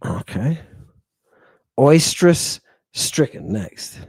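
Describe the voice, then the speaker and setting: A man's voice: big pitch swings, darkish tone, husky, no echo. Emphatic man lecturing, constant "right?". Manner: emphatic, repeats rhetorical questions like "do you understand" and "right"; drawn-out stresses, swings between low murmurs and raised exclamations. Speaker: podcast host lecturing on ancient texts. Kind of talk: animated lecture to a live audience.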